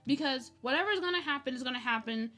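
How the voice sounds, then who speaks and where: A woman's voice: high-pitched, expressive, quick pace, sharp tone, soft background music. A young adult woman chatting casually on her art livestream, laughing often with nervous, giggly energy. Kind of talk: casual chat while drawing.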